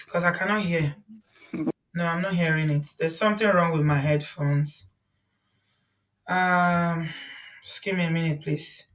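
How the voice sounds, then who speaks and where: A woman's voice: low-pitched, recorded from a distance. A Nigerian woman hosting a casual reaction chat, laughing often and slipping into Yoruba words. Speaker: host reacting to a video.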